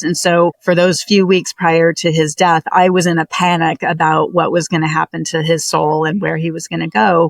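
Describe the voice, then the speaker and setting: A middle-aged woman, a podcast guest, telling a deeply personal story with earnest emotion and vivid detail. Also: no room sound.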